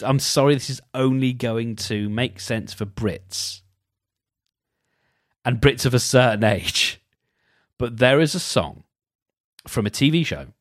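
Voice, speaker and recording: A British man talking on his own in a casual, rambling way, restarting sentences often and getting animated as he goes. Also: mid-range voice, no room sound, clean studio sound. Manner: rambling, animated, self-interrupting. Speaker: podcast host. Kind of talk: casual solo chat.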